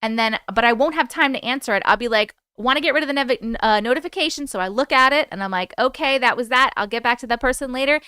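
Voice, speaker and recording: A woman's voice: fairly high pitch, sharp tone, clean tone, no echo, clean studio sound. A young woman hosting a livestream, chatting casually and giggling as she reads out viewer comments. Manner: chatty, giggly, quickly distracted. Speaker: livestream host.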